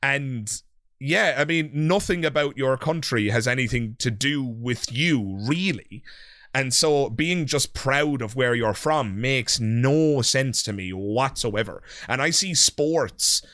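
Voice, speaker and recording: A man's voice: mid-range voice, slow pace, no echo, studio quality. An Irish man from Ireland hosting a podcast, chatting casually and voicing strong opinions with a laugh. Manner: opinionated, animated, laughs often. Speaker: podcast host. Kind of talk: casual chat.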